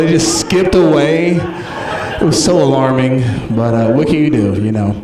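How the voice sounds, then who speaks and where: A man performing a stand-up comedy set, telling animated stories and acting out the people in them. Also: sits high, unhurried. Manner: animated storytelling, acts out characters. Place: comedy club stage. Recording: echoey club from far off.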